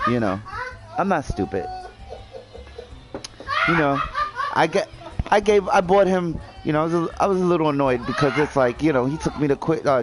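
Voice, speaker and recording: A young man chatting casually while gaming, rambling with lots of fillers and swearing freely. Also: mid-range voice. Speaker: gaming video host.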